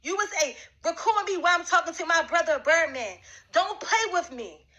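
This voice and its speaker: A woman speaks to camera in a confrontational rant, aiming accusation after accusation at a man. Her voice sits high for a woman and sounds bright and sharp. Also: lively intonation, moderate pace, highs cut off. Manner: repetitive, accusing, talks straight at one man. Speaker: vlogger addressing a rival.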